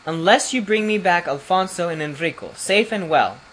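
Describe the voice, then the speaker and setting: A man voicing a stern, stubborn old king who blusters and gives orders in a raised, forceful voice. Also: a little high, big pitch swings, normal speed, a little hiss or hum, rough recording. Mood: savage. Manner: blustering, commanding.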